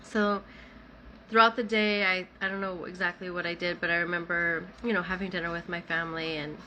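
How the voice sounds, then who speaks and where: A woman's voice: lowish voice, flat delivery, brisk, pushed and bright, slight background noise. A woman casually telling her own story in the first person, talking in a loose, conversational way full of "like". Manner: conversational, many "like" fillers.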